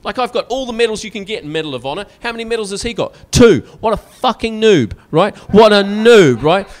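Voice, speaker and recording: A Scottish man performing stand-up comedy, sarcastic and animated, often tagging his lines with "right?". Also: sits high, brisk. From Scotland.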